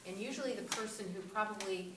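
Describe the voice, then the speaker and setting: A woman's voice: mid-range voice, quick pace. Older woman, earnest, echoey room from afar. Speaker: parent giving advice. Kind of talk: casual faith-based parenting talk. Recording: echoey room from a distance with noise.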